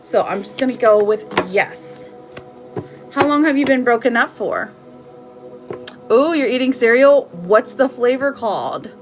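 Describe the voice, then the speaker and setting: A woman giving casual tarot readings on a live stream, chatting warmly with viewers and laughing often. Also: fairly high pitch, lively intonation, measured pace, long pauses, over music, low-quality recording.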